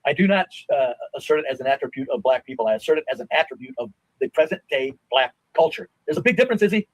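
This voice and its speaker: A middle-aged man in a heated stream debate, blunt and insistent, sometimes swearing and dropping to a low grumble. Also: animated, fast talker, no echo, low-quality recording.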